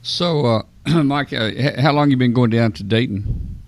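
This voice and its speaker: A man hosting a casual radio roundtable, folksy and often clearing his throat. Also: medium pitch, unhurried, dry recording. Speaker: host.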